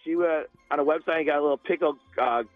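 A male caller on a tinny, dry phone line, slightly high-pitched. He tells an amused story to the hosts while faint music plays. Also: fast talker, no echo. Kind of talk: phone call to radio show.

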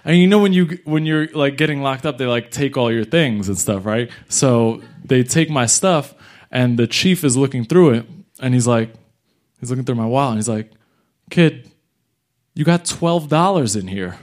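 Animated young man telling a story. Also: medium pitch, normal speed. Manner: animated, acts out other people's lines. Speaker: comedian telling a live story. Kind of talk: live storytelling.

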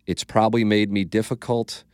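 A man with a St. hosts a podcast, telling stories in a blunt, profane, casual way and acting out quotes. His voice is lowish, a little mellow and smooth, with little pitch movement and a moderate pace. The recording is dry and clean, studio quality.

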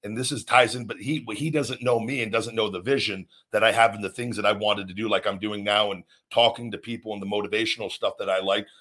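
A man's voice: fairly low pitch, fairly even intonation, fast, few pauses, fairly bright tone. A man hosting a podcast and talking earnestly about work and confidence, rambling with many restarts. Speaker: podcast host, former wrestler. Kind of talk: motivational podcast talk.

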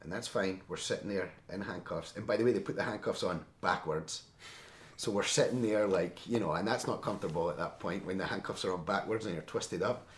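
Guest storyteller: deep male voice, emphatic and animated, in a roomy echoey space. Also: fairly quick. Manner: animated, emphatic, tags lines with "right?". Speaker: interview guest. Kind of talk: casual storytelling. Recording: roomy echo.

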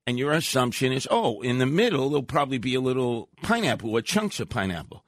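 Older NY talk host, mid-pitched and dry-miked, who tells loud, belligerent anecdotes. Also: male voice, big pitch swings, quick pace, dry recording. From Brooklyn, New York. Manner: loud, blustery, acts out his own shouting. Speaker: radio co-host. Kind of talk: animated storytelling.

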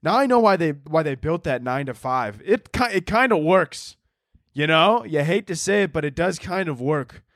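Alone behind the mic, this podcast host rambles in casual solo chat, swearing plenty and poking fun at himself. He has a fairly high pitch, lively intonation, a normal speed and a fairly bright tone. The studio sound is clean, with no echo.

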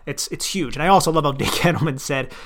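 A man's voice: fairly high pitch, quick pace, a bit bright, slight background noise. A man co-hosting a podcast, explaining his view in a casual, analytical way. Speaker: podcast co-host. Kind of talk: casual sports chat.

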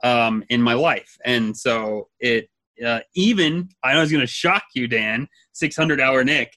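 A man's voice: medium pitch, measured pace, bright, forceful tone, dry recording. A man in his thirties co-hosting a casual podcast, rambling and laughing often. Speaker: podcast co-host. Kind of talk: casual chat.

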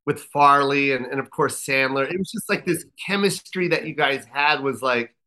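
A middle-aged man with a bright, forceful voice, telling stories as a guest comedian. His delivery is animated and he acts out other people's voices along the way, heard over a podcast studio mic. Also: medium pitch, normal speed. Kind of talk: casual storytelling chat.

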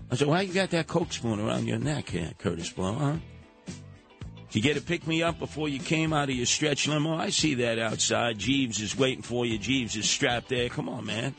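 An older man with a New York accent hosting a radio talk show, telling stories in an animated way and slipping into other voices. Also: medium pitch, moderate pace, vocal fry, faint music behind.

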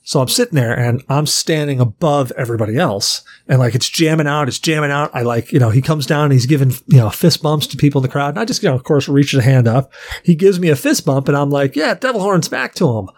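A man's voice: medium pitch, quick pace, a little mellow. Profane, rambling podcast co-host, man. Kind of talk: casual chat.

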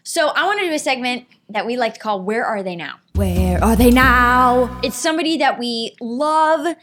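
A woman running a comedy talk show as a dry quizmaster. Her voice sits a touch high. She delivers playful put-downs in a flat, deadpan way. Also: fairly quick, faint music behind. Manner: dry, mock-insulting quizmaster. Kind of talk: deadpan quiz-show teasing.

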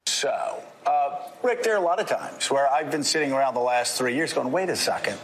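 A man speaking in a measured, reflective way on a TV panel discussion. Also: medium pitch, big pitch swings. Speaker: TV show panelist.

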